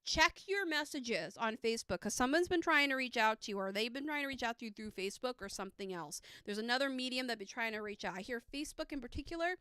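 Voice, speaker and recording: A woman's voice: fairly high pitch, animated, fast talker, few pauses, bright, forceful tone, clear, resonant tone, no room sound. A woman giving a live tarot reading, chatty and upbeat, with lots of fillers, speaking close to a streaming mic.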